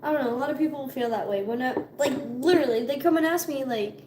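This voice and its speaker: High-voiced chatty young woman vlogging. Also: quick pace, few pauses, darkish tone, slight background noise. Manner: chatty, swearing, laughing often. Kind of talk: casual chat. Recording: echoey room with faint ambience.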